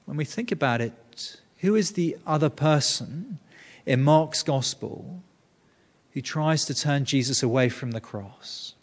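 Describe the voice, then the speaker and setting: Male preacher, slightly high voice, earnest and explanatory, in a reverberant hall. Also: lively intonation, a little slow. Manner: earnest, explanatory, with frequent restarts. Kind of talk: sermon.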